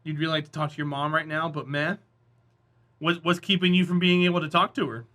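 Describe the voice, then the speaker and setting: Man, game streamer, casual live chat, encouraging, high voice, bright tone. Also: little pitch movement, a little fast. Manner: chatty, encouraging, talks to viewers.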